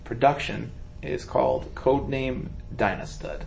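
An animated man tells a story in a casual chat, laughing as he goes. His pitch sits mid-range. A faint background hiss runs under his voice. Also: unhurried, gravelly. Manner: animated, laughs while telling stories. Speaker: comedian and indie film actor.

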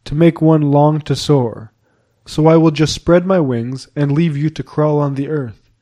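A man reading the part of a quick, spirited young lady with brisk, impatient replies, lifting his voice a little higher. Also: mellow, lightly acted. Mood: playful.

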